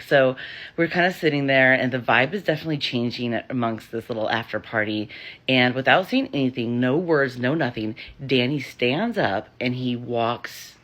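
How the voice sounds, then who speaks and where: A woman in her thirties telling a personal story in a casual, animated way, acting out the voices of the people in it. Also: rumbling low.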